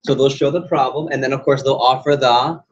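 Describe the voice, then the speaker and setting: A man's voice: medium pitch, fairly even intonation, fairly quick, muffled recording. A man running an interactive sales training session, quizzing the room and acting out examples. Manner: quizzes audience, acts out examples.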